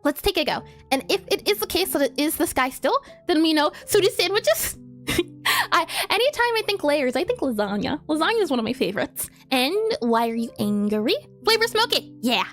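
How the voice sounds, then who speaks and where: High-pitched giggly woman developer streaming, walks through her debugging aloud, faint music underneath. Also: very animated, moderate pace, fairly bright tone. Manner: giggly, explains step by step while thinking aloud. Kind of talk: casual live coding stream.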